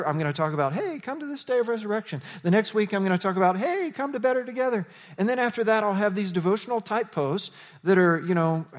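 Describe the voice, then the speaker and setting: A man preaching as the pastor of his church, telling stories with lively, animated delivery. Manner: animated storytelling, jumps to high excited quotes. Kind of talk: sermon.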